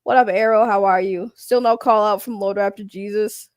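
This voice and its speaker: A woman's voice: medium pitch, fairly even intonation, moderate pace, few pauses, no echo, studio quality. A woman hosting a livestream in casual, rambling chat. She is blunt and joking and swears freely as she greets her viewers. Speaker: livestream host.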